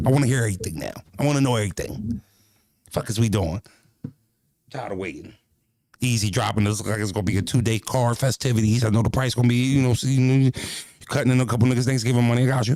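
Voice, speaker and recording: A man's voice: mid-range voice, rapid-fire, a little mellow, no room sound. A man streaming casually as a battle-rap commentator, talking in a brash, profane, rambling way and repeating himself.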